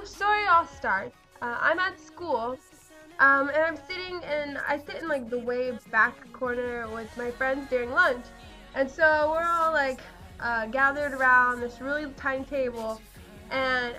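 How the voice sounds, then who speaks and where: A teenage girl vlogger tells her audience a story in a casual storytime chat. She sounds bubbly and giggly, with a high, sharp voice and plenty of "um" and "like" fillers.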